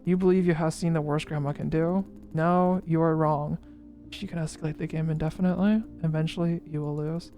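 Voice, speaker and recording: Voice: medium pitch, steady tone, fairly quick, dark tone, soft background music. Game streamer reading story dialogue aloud. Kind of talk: voicing visual novel dialogue in a playthrough.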